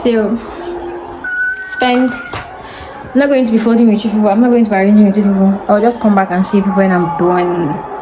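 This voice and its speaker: Young woman, casual excitable vlog chat, phone mic in a kitchen. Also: mid-range voice, normal speed, background noise. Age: young adult. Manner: chatty, excitable, talks to viewers directly. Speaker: student vlogger. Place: home kitchen, indoors. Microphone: phone camera propped up nearby. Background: background music.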